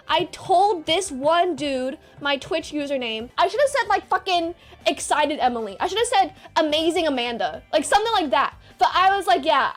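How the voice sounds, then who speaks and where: A young woman streamer in her twenties, telling a story to her chat in a casual, animated way, swearing and acting out the other people's voices. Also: high-pitched.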